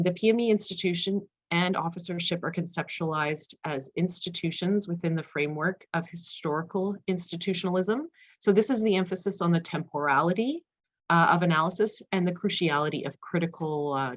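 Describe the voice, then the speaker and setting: Woman panelist, low-pitched, presenting research at a brisk clip with filler words. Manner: fast-paced, self-aware of speed, frequent fillers. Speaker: conference panelist. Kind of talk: academic presentation.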